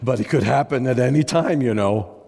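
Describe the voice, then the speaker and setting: A man's voice: medium pitch, a little fast, gravelly, darkish tone, big-room sound. A man voicing a panicky, frightened man who stammers and breaks into shrieks. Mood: fearful. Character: panicky man terrified of an angry god.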